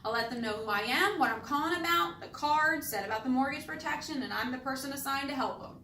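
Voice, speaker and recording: A high-voiced woman coaching salespeople, rolling through phone scripts and leaning hard on the words she wants heard. She sounds a little distant from the mic, in an echoey room. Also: fast talker, pushed and bright, a little hiss or hum. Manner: emphatic, stresses key words on purpose. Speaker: insurance sales trainer. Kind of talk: training talk with demonstrated phone scripts.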